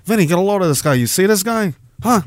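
A man's voice: high-pitched, expressive, quick pace, no room sound, pitched above the performer's own voice. A man putting on the voice of a touchy Italian-American mobster with a brash tough-guy drawl. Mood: indignant.

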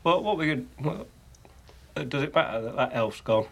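A man's voice: a little high, lively intonation, moderate pace, gravelly, a bit bright. A man playing his character in a tabletop game, talking in a folksy, chatty way with loose grammar. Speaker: player. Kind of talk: in-character tabletop role-play.

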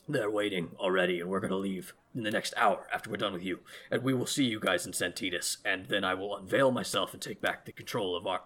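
A man voicing a deposed king set on reclaiming his army, speaking low, subdued and measured. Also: pushed and bright.

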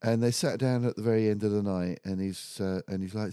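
A man with a warm, mellow tone tells a story in a casual chat. He swears freely and acts it out with energy. The sound is close and dry. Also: fairly low pitch, fairly even intonation, fairly quick, clear, resonant tone, no room sound.

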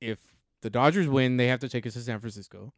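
A man's voice: mid-range voice, quick pace, no echo, studio quality. A man co-hosting a podcast, telling a story in a casual, swear-heavy way. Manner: profane, animated storyteller. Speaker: podcast co-host.

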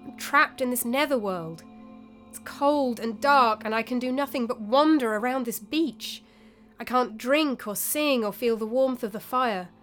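A woman's voice: fairly high pitch, a little slow, soft background music, pitched above the performer's own voice, close to an everyday voice. A woman voicing the ghost of a young male warrior who pleads in a dry, wry tone. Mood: pleading.

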